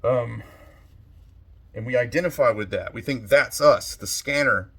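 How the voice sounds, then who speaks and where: Guy talking slow and thoughtful, soft voice, mid pitch, musing out loud. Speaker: channel host. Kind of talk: reflective monologue.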